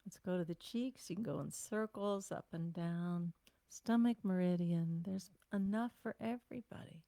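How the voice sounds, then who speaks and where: An older woman leading a self-care class, giving gentle, unhurried instructions with sighs and breathing cues. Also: lowish voice, vocal fry, no room sound. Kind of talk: guided self-massage class.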